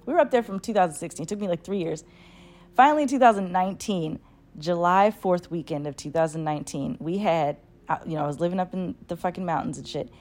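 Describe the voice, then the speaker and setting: A woman with a somewhat low voice tells a rambling personal story in a relaxed, chatty way. She keeps it loose and animated, leaning on fillers and casual swearing. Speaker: channel host.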